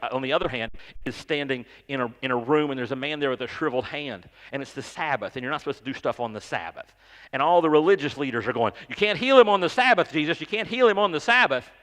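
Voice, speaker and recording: A man's voice: medium pitch, long reverb tail. A pastor giving a sermon in a conversational, joking way, often repeating words as he goes. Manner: conversational, self-deprecating, stammers and repeats words. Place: church sanctuary.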